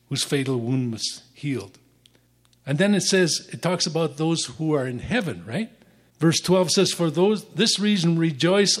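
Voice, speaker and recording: Higher-voiced man teaching the Bible. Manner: reads scripture aloud, then explains it.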